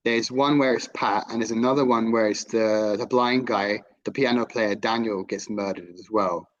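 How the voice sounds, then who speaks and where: A man co-hosting a film podcast who talks in a measured way, filling in details and laughing often. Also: on the low side, steady tone, highs cut off. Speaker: podcast co-host. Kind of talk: casual film-review chat.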